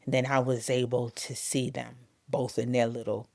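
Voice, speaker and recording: A woman as an interview guest, telling a personal testimony with emotion, her voice swinging between loud and hushed. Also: very deep voice, level tone, normal speed, creaky, no room sound.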